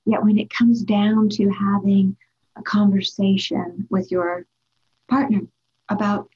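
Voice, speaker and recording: A woman's voice: mid-range voice, fairly even intonation, slow, mellow, slightly rough. A woman hosting an interview, affirming and reflecting on what her guest says. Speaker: interview host. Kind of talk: interview conversation. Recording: dull lo-fi sound.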